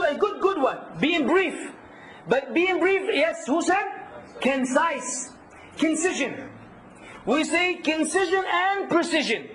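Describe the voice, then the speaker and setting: A man teaching a workshop, lively, quizzing his audience and acting out hecklers. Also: extremely high pitch, a little hiss or hum, rough recording. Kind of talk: workshop lecture.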